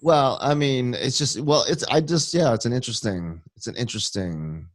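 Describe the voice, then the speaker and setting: A man's voice: mid-range voice, animated, moderate pace, no echo. A man from Hawaii, hosting a casual chat and rambling and teasing with many restarts. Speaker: podcast host.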